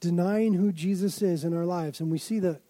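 A man's voice: high-pitched, normal speed, mellow, no room sound. A man preaching a sermon, telling stories dramatically with emphatic build-ups. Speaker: pastor.

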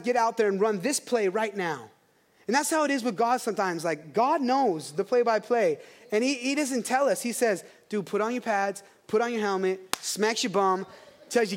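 Pastor, 30s, male. High voice, animated sermon storytelling.

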